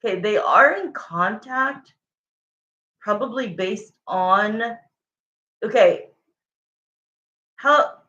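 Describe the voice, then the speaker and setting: Slow-talking woman reading tarot, roomy sound. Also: medium pitch, expressive, pushed and bright, lo-fi sound. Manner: thinks aloud while pulling cards, repeats questions to the cards. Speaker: tarot reader.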